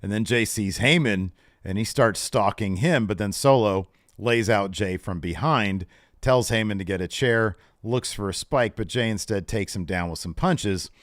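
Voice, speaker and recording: Relaxed male podcast co-host, dry mic. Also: fairly low pitch, normal speed, no room sound. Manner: relaxed recapping with filler "uh"s, quotes wrestlers in a raised voice. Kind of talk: casual wrestling recap.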